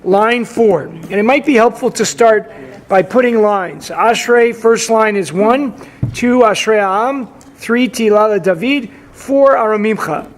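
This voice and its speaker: High-voiced man teaching a study class. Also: unhurried. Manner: relaxed, chatty teaching with fillers. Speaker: synagogue educator leading a class. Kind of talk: leading an adult study session. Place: synagogue classroom.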